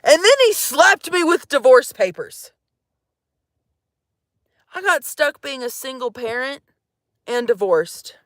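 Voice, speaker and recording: A woman's voice: high voice, animated, slow pace, long pauses, a bit bright, no room sound, studio quality. A young woman rambling to her livestream viewers in a jokey, profane, casual chat from out in the woods. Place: outdoors in the woods.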